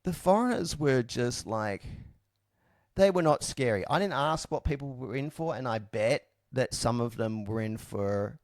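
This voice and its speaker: A man's voice: on the low side, a little mellow, dry recording, studio quality. A man in young adulthood, frankly and reflectively telling his story in casual talk, with many fillers and restarts. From Australia.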